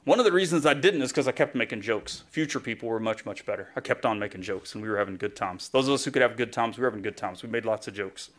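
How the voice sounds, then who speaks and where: A man's voice: on the low side, fast, few pauses. Man preaching with a humorous, chatty storytelling style. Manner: humorous, self-deprecating storytelling; casual, filler-heavy delivery. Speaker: pastor. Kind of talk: conversational sermon.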